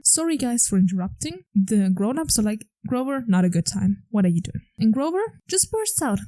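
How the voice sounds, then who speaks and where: An excited woman podcast host chats her way through an episode recap, sprinkling in "like" as she goes. Her voice is mellow and warm rather than bright. The sound is dry and close, with no room around it. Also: medium pitch, no echo, low-quality recording. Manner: chatty, excited, lots of "like".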